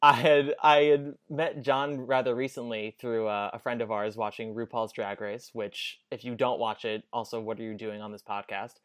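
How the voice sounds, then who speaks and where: A man's voice: medium pitch, flat delivery, normal speed, hardly any pauses. A man co-hosting a podcast in casual banter, with wry, self-deprecating quips. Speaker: podcast co-host.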